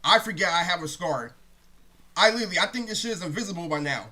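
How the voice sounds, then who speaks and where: A young man talks straight to camera in a high, bright voice. His monologue is heated and rambling, full of profanity. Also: animated, fast. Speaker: vlogger.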